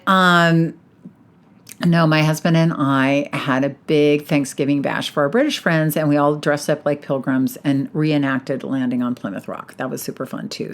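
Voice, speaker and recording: A woman around sixty hosting a podcast, talking in a chatty, animated storytelling way that often breaks into laughter. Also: low-pitched. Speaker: podcast host, hypnotherapist. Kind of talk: casual podcast monologue.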